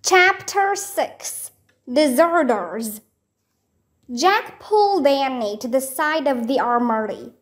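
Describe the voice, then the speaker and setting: A woman's voice: expressive, slow pace. A woman with Vietnamese as her first language, reading a children's book aloud and acting out the characters' lines. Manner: acts out character lines with raised pitch. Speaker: reader.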